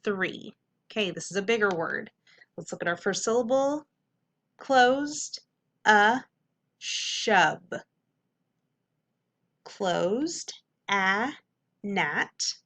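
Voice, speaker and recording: A woman's voice: mid-range voice, animated, extremely slow, long pauses, fairly bright tone. Upbeat woman teacher sounding out syllables. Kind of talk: phonics lesson to students.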